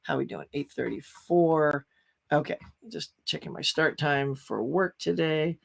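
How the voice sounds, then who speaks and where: A man's voice: on the high side, unhurried, gravelly. A man hosting a casual pop culture live stream, rambling enthusiastically about movies and greeting viewers in the chat.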